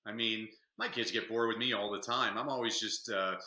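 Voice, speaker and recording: A man speaking as a guest in a casual interview, an energetic, joking storyteller. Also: fairly low pitch, brisk, reverberant, rough recording. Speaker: guest, reading advocate.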